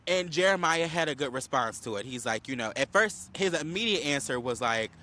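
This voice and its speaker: A man's voice: fairly high pitch, fairly quick. A man co-hosting a podcast, casually recapping a reality show, acting out quotes with lots of fillers and a slight cough. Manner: animated storyteller, acts out quotes, many fillers. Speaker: podcast co-host.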